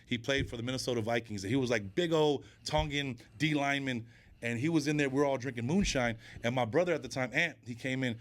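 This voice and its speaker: A man guesting on a podcast, chatting casually and telling animated stories, acting out other people's lines. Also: medium pitch, fast talker. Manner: animated storyteller who acts out quoted voices. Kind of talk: casual interview chat.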